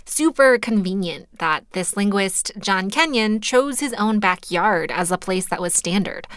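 A woman reporter delivering scripted radio narration in a crisp, conversational storytelling way. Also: mid-range voice, lively intonation, measured pace, a bit bright, dry recording, studio quality. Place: studio booth.

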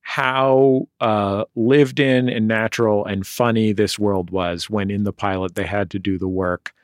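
An American man hosting an interview, asking measured questions with dry, wry humor. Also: lowish voice, fairly even intonation, no room sound. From United States. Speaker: interview host. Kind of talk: casual interview chat.

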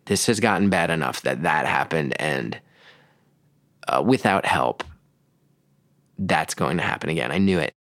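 A man's voice: rumbling low, animated, a little slow, pauses often, a bit bright, no echo, studio quality. A man from New Jersey, a podcast guest, answering candidly and reflectively with some restarts. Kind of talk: interview answers.

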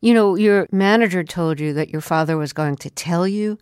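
A woman hosting a radio interview, recapping carefully and then asking measured questions. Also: on the low side, darkish tone, smooth, dry recording, clean studio sound.

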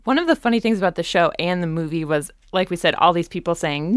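A woman from Oregon hosting an interview, asking curious questions in a relaxed way. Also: on the low side, fast, few pauses, clean tone, no echo, clean studio sound. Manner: curious, asks questions with light laughs. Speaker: podcast host. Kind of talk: conversational interview.

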